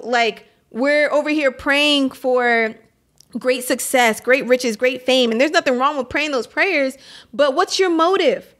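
High-voiced woman in her 30s, fired up talking faith to camera, lots of "like", laughs a bunch. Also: a bit bright. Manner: impassioned, laughing, heavy use of "like". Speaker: Christian vlogger. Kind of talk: earnest faith talk to camera.

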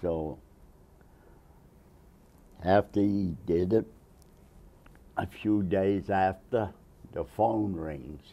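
Old guy in his 90s, deep gravelly voice, slow and rambly, laughs at his own stories. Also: warm tone, dull audio. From Massachusetts, USA. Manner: rambling storyteller, chuckles often, acts out quotes. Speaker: Navy veteran interviewee. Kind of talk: oral history interview.

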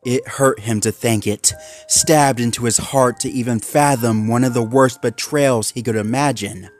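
Male narrator for a creepy story reading, middle pitch, measured delivery, faint music behind.

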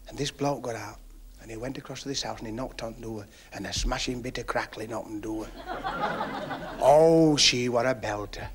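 A man telling a long, chatty joke story on a 1970s TV comedy stage. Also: moderate pace. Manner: folksy, chatty tale-spinning that drops low and quiet. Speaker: stand-up comedian. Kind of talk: stand-up storytelling. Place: TV studio stage with audience.

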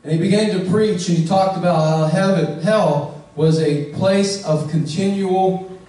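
A male pastor delivers a slow, earnest sermon, stretching out the words he wants to land and putting questions straight to his listeners. His voice sits a little high for a man and has a mellow, soft-edged tone. He is heard from a distance in a very echoey church. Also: fairly even intonation. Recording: echoey room, voice from far off.

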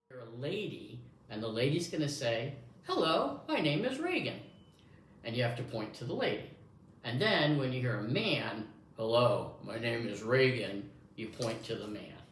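Encouraging man with a lively voice, echoey room. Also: mid-range voice. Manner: encouraging, speaks as if to a young child. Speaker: hearing test examiner. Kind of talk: demonstrating a test to an examinee. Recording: echoey room, faint background noise.

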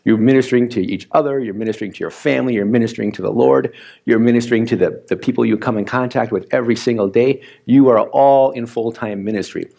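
A man, a pastor from Wisconsin, preaching a chatty, animated sermon in which he acts out his own reactions. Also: medium pitch, quick pace, gravelly. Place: church sanctuary.

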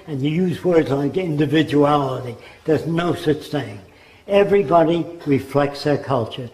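A man's voice: a little high, dark tone. An older man giving a spoken lecture, emphatic, often dropping into mimicked voices. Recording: roomy echo.

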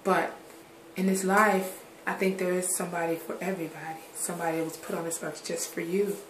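A grown woman with a fairly low voice, talking frankly to her viewers in a personal vlog. She rambles from topic to topic and drops curse words casually. The room gives the recording a roomy echo, with faint noise underneath. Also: little pitch movement, a little fast. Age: adult. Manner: rambling, drifts from subject to subject. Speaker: vlogger. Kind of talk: candid personal vlog talk.

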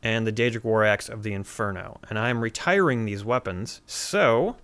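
A man's voice: lowish voice, moderate pace, fairly bright tone. A man hosting a let's play, giving crude, joking gameplay commentary.

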